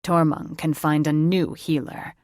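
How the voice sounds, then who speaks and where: A man's voice: fairly high pitch, flat delivery, unhurried, no room sound, clean studio sound, lightly acted. A woman voicing a proud, bitter teenage dragon-shifter boy who grumbles, in a fantasy audiobook. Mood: grumbling.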